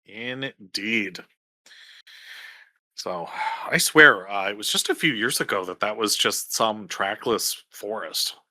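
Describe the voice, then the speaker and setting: A man's voice: lowish voice, animated, takes it slowly, pushed and bright, dry recording, clean studio sound. A man co-hosting a podcast in casual chat, rambling and hesitant with many ums. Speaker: podcast co-host.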